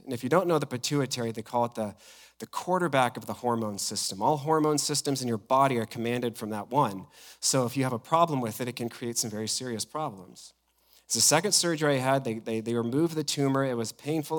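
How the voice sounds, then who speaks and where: A man, a pastor, preaching a sermon and telling a personal story in an animated way, often acting out what others said. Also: medium pitch.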